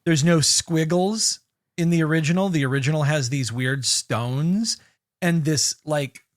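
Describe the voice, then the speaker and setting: Chatty podcast man, slightly high voice. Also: no echo, clean studio sound. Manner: chatty, breaks into quick goofy impressions. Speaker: podcast co-host. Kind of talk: casual movie-review chat.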